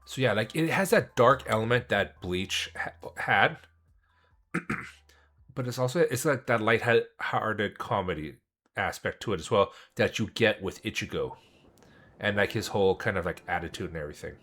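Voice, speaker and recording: A man's voice: on the low side, lively intonation, moderate pace, a bit bright, poor audio. A man streaming a game and chatting casually with viewers, rambling with many restarts. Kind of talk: casual chat while gaming.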